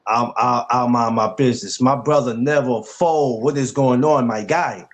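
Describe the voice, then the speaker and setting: A man's voice: mid-range voice, moderate pace. A man hosting a casual podcast livestream, easygoing, laughing a lot and greeting viewers. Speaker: podcast host.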